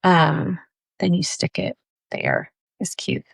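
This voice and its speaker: A woman's voice: lowish voice, wildly swooping pitch, takes it slowly, creaky, breathy edge, no room sound. A woman in her forties, an esthetician, chatting through a casual tutorial in her home bathroom and repeating her instructions emphatically.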